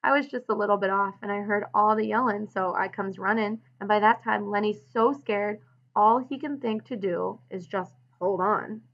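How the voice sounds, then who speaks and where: Lady reading as a blunt tired ranch guy, rough plain talk, kinda dull lo-fi sound. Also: medium pitch, steady tone, moderate pace, lightly acted. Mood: telling. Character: blunt weary ranch-hand man protecting his friend.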